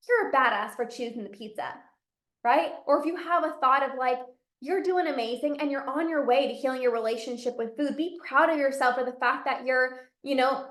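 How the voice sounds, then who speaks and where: A woman hosting a solo podcast as a coach, talking to her listeners in an upbeat, encouraging way. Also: high-pitched. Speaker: podcast host and binge eating coach. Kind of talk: motivational solo podcast talk. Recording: echoey room.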